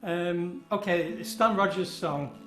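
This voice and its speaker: A man's voice: high-pitched, takes it slowly. A man, rambling and self-deprecating as he introduces a song on a video call. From England. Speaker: folk club performer. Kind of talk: casual chat introducing a song. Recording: echoey home room, guitar sounds.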